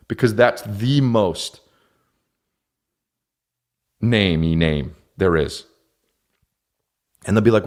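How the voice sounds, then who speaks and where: A man in his thirties hosting a podcast, ranting comedically with lots of swearing and quick put-on voices. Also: medium pitch. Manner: profane, animated, acts out silly voices. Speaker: podcast host. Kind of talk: comedic rant.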